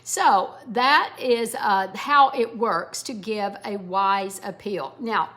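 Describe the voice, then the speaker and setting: A middle-aged woman, a former English teacher, explaining parenting skills to parents in a warm, explanatory way. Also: medium pitch, takes it slowly. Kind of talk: instructional talk to parents.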